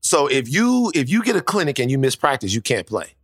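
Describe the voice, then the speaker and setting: Bright-voiced man telling a profane story. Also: mid-range voice, fairly quick, husky, dry recording, studio quality. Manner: profane, animated storyteller with frequent restarts. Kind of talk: casual storytelling chat.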